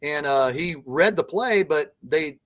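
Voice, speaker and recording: A man co-hosting a casual sports podcast, giving earnest, measured analysis with some fillers. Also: fairly high pitch, expressive, sharp tone, no room sound. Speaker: podcast co-host.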